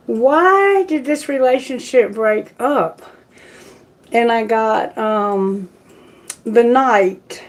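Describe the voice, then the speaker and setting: A woman tarot reader talking casually to her live-stream viewers, unhurried and with fillers. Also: a little high, darkish tone, rough recording. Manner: slow, unhurried talk with fillers.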